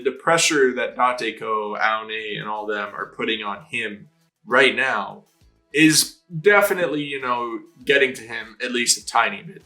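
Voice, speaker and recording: Bright-voiced excitable man reacting. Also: fairly low pitch. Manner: excitable, slangy, swears freely. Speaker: anime reaction host. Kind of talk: casual live reaction commentary.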